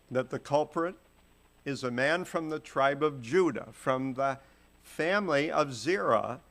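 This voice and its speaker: A man leading a Bible lesson at an unhurried, deliberate pace. His voice sits at an ordinary middle pitch, and he retells the old stories in relaxed everyday words. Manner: retells scripture in casual modern phrasing. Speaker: Bible teacher. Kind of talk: Bible study teaching.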